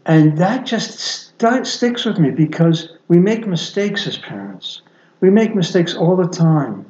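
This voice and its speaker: Earnest man telling a story, echoey. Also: unhurried. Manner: earnest, animated pitch swings. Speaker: podcast guest, father. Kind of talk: reflective storytelling. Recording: echoey, dull lo-fi sound.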